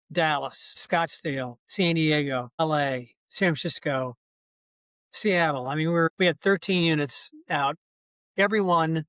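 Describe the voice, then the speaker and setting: A man's voice: fairly high pitch, a bit bright, no room sound. An older man, a podcast guest, telling long casual anecdotes full of asides. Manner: rambling, folksy anecdotes with many asides. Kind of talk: casual storytelling.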